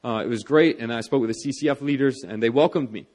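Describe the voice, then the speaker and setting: A man's voice: medium pitch, fast, darkish tone. A young adult man preaching a sermon in an earnest, conversational way, with many fillers and restarts as he tells a personal story. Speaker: pastor.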